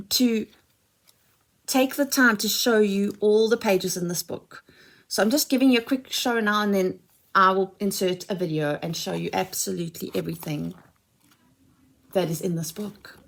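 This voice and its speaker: A woman's voice: medium pitch, unhurried, creaky. A mother chatting casually as she unboxes a shopping haul, gushing and exclaiming over each item.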